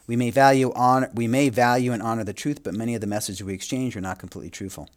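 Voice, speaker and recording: A man teaching a course, reading from a textbook and adding quick asides, sometimes correcting himself as he reads. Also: mid-range voice, fairly even intonation. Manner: reads aloud with asides and small self-corrections. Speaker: instructor. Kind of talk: reading a textbook aloud with comments.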